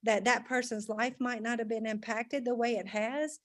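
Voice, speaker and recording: A woman's voice: a little high, level tone, normal speed. A woman giving an earnest, faith-filled testimonial to a crowd at a business event. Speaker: speaker sharing a testimonial. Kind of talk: testimonial speech.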